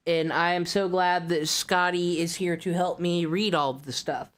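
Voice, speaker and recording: A woman's voice: lowish voice, fairly even intonation, moderate pace. A woman streamer chatting casually, wry and rambling, swearing offhandedly.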